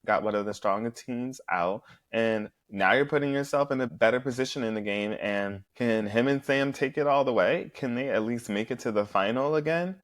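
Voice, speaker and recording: A man talks straight into the mic in a loose, blunt recap full of swearing. He jumps into quick impressions of the people he's covering, then drops back to his own opinions. His voice sits at an ordinary middle pitch. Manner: profane, blunt, acts out contestants' lines. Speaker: podcast host recapping a reality show. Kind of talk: casual recap commentary.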